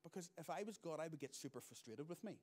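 A man's voice: fairly high pitch, lively intonation, fast, a little mellow. Man preaching with swinging emphasis. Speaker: pastor. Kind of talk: sermon.

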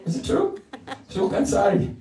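A man's voice: sits high, very animated, moderate pace, mellow. A man giving a playful devotional lecture, telling stories and breaking into chanted verses. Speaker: spiritual teacher. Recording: echoey room, mic at a distance.

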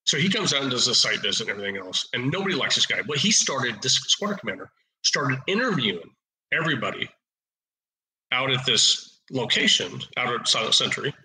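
A man in his forties from Oregon, a podcast guest and retired officer, telling lively anecdotes in a casual, blunt, salty way. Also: mid-range voice, brisk, reverberant, poor audio. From Oregon, USA. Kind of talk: casual storytelling.

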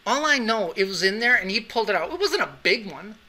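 A man's voice: sits high, big pitch swings, quick pace, pushed and bright. A middle-aged man teaching anatomy and physiology, telling a class a story in a chatty way. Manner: chatty, anecdotal, with frequent "right?" asides. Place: classroom with students.

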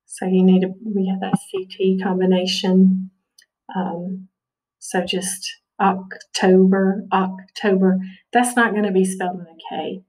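A woman's voice: mid-range voice, flat delivery, measured pace, darkish tone, recorded from a distance, poor audio. A woman teaching a spelling lesson, patiently sounding out words and checking in with her students often. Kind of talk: spelling lesson over slides.

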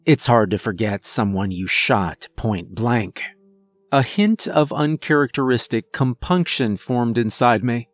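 A man narrating a first-person horror story in a deliberate, measured way. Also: medium pitch, soft background music. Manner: slow, deliberate, measured delivery.

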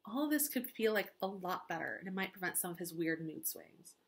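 A woman's voice: on the low side, expressive, a little fast, slight background noise. A young woman teacher chatting through a story recap in a gossipy, sarcastic way, filling her talk with "like" and "um".

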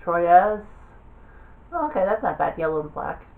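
A woman with a somewhat low voice talks casually through a game menu. Her delivery is offhand and rambling, as if she is thinking aloud. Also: big pitch swings, moderate pace, narrow, tinny audio. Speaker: gaming video creator. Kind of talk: casual commentary while browsing a game.

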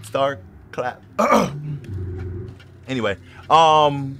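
A gaming YouTuber, male, provides casual, profane commentary, loudly reacting to the game with excitable outbursts. His voice sits in the mid range and he speaks very slowly. Noisy game audio runs beneath him, full of driving engine and traffic sounds.

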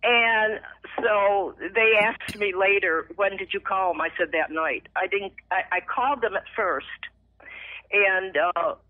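A middle-aged woman telling her personal faith testimony as a radio guest, emotional and animated, acting out the voices in her story. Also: medium pitch, a little slow. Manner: emotional, animated retelling with lively acted quotes. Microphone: phone. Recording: tinny dry phone line.

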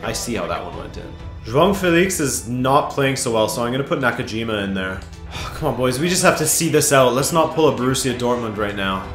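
A man commentating his own football video game, muttering then yelling with excitement, his voice going hoarse. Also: medium pitch, brisk, echoey room, faint music behind. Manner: excitable, swings from mutters to shouts. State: losing his voice. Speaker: gaming YouTuber.

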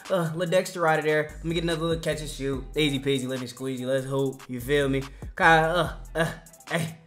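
A young man doing casual, slangy commentary over his basketball video game, trash-talking and sometimes shouting or singing. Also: fairly high pitch, fairly even intonation, quick pace, soft background music. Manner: hyped slangy trash talk, sings and shouts over play. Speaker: gaming YouTuber.

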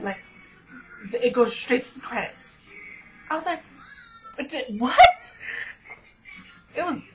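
Teen girl vlogger, chatty and gushing, higher voice, muffled home recording. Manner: gushing, rambling, many fillers. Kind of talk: casual chat. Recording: dull lo-fi webcam audio.

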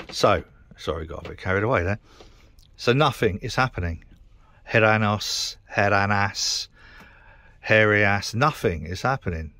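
A man's voice: on the low side, a little slow, long pauses, sharp tone. A middle-aged man with a British accent, ranting to camera in a frustrated, sweary, rambling way. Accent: British English. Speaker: vlogger. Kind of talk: casual rant to camera.

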